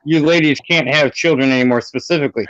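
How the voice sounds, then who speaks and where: A man's voice: on the high side, quick pace, a bit bright, dry recording, highs cut off. A man calling in to a casual online talk show, joking crudely and flirting. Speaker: caller.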